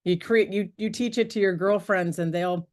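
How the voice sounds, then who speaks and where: A middle-aged woman, a podcast guest on a video call, telling stories in a lively way, laughing often and acting out what people said. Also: medium pitch, moderate pace. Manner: lively, laughs often, acts out quoted dialogue. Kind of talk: animated storytelling in conversation.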